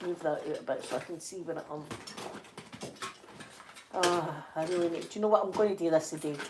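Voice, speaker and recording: A woman's voice: low-pitched, a little fast, very noisy. A middle-aged woman with a Scottish accent, chatting casually and rambling to her viewers as a channel host, laughing often. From Scotland.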